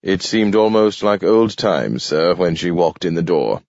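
Male narrator doing a deferential storybook robot butler, deep voice, dry, dull audio. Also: lively intonation, a little slow, a little mellow, no echo. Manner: formal, deferential. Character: polite male household robot servant.

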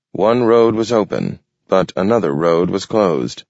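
A man reading a story aloud in a measured, contemplative narration. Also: deep voice, expressive, a little mellow, dry recording, dull audio. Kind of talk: scripted narration.

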